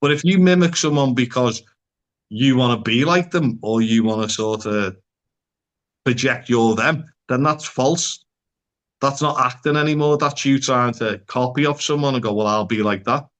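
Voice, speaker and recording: Guesting on a laid-back podcast as a psychotherapist, this man speaks at a normal pace with a medium-pitched voice. His talk is blunt and candid, full of cursing and regional slang.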